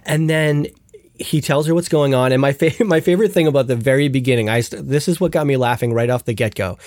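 A man's voice: mid-range voice, fast talker, a little mellow, no echo. A man hosting a podcast, chatting casually and animatedly about a TV show and laughing as he retells scenes. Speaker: podcast host.

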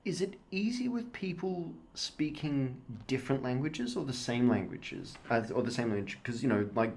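Australian man, mid-pitched, casual and hesitant chat, lots of fillers. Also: animated, normal speed, vocal fry, darkish tone. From Sydney, Australia. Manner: thoughtful, hesitant, many fillers.

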